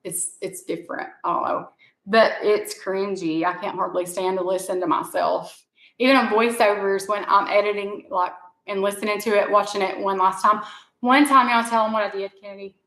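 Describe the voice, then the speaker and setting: A woman's voice: mid-range voice, fairly even intonation, normal speed, a bit bright. A woman from the American South with a Southern accent, chatting casually as a vlogger and telling rambling stories. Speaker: vlogger, mother. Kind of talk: casual chat. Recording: echoey room.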